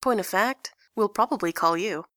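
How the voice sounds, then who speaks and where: A woman's voice: mid-range voice, normal speed, fairly bright tone, dry recording, studio quality, close to an everyday voice. A woman voicing a brash, cheeky teenage boy who swears bluntly. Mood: muttering.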